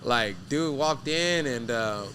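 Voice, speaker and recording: A man who is a professional fighter, guesting on an interview show and telling animated, profane stories that act out each scene. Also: medium pitch, slow. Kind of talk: casual storytelling interview.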